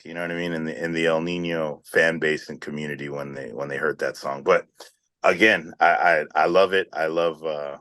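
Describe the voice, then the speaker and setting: A man from South Texas with a South Texas accent, answering interview questions in a relaxed, rambling way with many restarts. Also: low-pitched, no room sound. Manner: relaxed, rambling, frequent restarts and "you know what I mean". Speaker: band vocalist.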